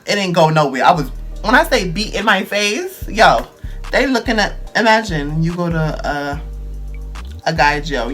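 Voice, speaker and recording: A young man, telling a dramatic storytime vlog in slangy, animated speech. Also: fairly high pitch. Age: 20s. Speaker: vlogger.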